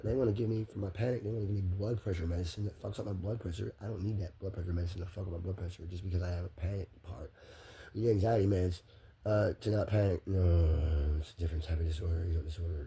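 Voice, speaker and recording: A man's voice: sits low, fairly even intonation, quick pace, warm tone, slight background noise. A man talking straight to the camera in a rambling personal monologue, circling back on the same phrases again and again.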